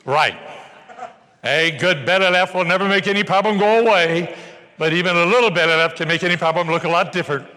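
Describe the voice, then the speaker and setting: An older man giving an energetic, joking motivational seminar talk to a live audience in a large hall, bursting into shouts as he tells stories. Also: high-pitched, fast. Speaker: motivational speaker.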